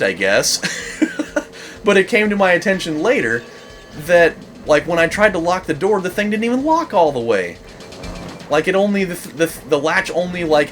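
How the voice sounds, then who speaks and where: A young man hosting a let's play, rambling through a story with frequent laughs and excited bursts at the game. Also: on the high side. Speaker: gaming channel host. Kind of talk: casual let's play commentary.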